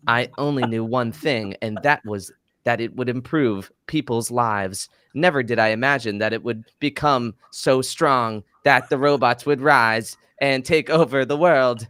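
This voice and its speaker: A man's voice: mid-range voice, a bit bright, clean tone, no room sound, studio quality, natural voice. A man putting on the voice of an earnest male AI wellness robot, reading a sincere brand message.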